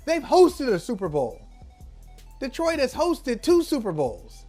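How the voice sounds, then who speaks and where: A man hosting a sports talk show, teasing his co-host in an animated debate. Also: extremely high pitch, unhurried, soft background music.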